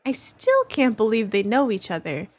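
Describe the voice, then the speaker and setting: A woman's voice: fairly high pitch, moderate pace. A woman streaming a game live, chatting casually with her viewers and laughing often. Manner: giggly, excitable, laughs often.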